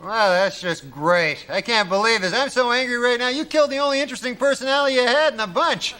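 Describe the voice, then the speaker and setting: A man playing an offhand, crude male psychiatrist in a comedy sketch, talking in a mumbling deadpan with many hesitations. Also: high-pitched, measured pace.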